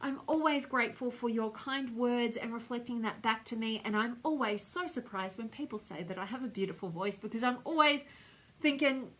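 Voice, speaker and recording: An Australian woman in middle age hosts a live stream, reading comments and showering viewers with affection. Her voice sits high and rings bright. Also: normal speed. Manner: effusive, gushing with affection. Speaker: host.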